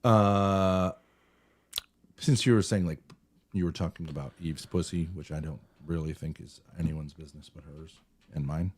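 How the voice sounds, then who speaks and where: A man's voice: low-pitched, fairly even intonation, moderate pace, darkish tone. A man chatting casually as a streamer reviewing his call-in, rambling, joking and provocative. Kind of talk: casual chat.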